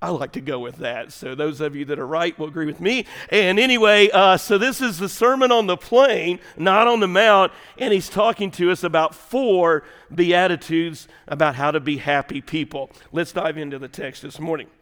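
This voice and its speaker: A high-pitched male pastor preaching to his congregation in an animated, chatty way. He drops to a hush and then rises again for emphasis. A long reverb hangs in the church sanctuary. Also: normal speed, hardly any pauses. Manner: animated, conversational, swings between loud and hushed. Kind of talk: sermon.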